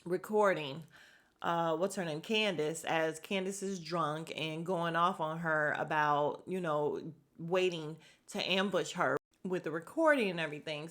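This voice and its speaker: A woman's voice: low voice, a bit bright. A woman hosting a casual podcast recap of a reality show, chatty and blunt, with an exasperated edge.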